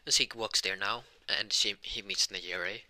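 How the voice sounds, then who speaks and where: A man telling an improvised fan story, rambling and halting, with frequent restarts. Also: on the low side, steady tone, pushed and bright.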